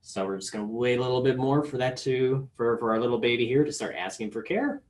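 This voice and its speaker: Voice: medium pitch, fast, a little mellow. A product support trainer giving a casual, step-by-step instructional demonstration. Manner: step-by-step explaining, casual filler words.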